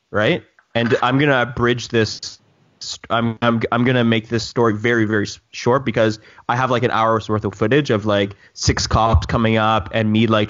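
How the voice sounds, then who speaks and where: A man telling a long story in casual chat with friends, rambling and animated with many restarts. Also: medium pitch, dull audio. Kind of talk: casual chat among drone pilots.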